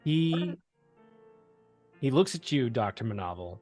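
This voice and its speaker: A man narrating a tabletop role-playing game as game master, pausing often with fillers as he describes scenes. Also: medium pitch, big pitch swings, darkish tone, no room sound, faint music behind. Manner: halting, filler-heavy narration.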